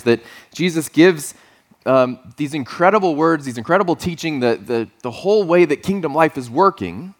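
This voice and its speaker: A man in his forties giving a sermon as a pastor, conversational and storytelling, with playful asides. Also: medium pitch.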